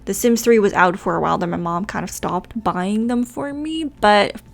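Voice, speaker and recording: A woman's voice: medium pitch, moderate pace, gravelly. Chatty young woman, Dutch native. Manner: chatty, rambling, self-deprecating. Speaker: gaming YouTuber. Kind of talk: casual chat.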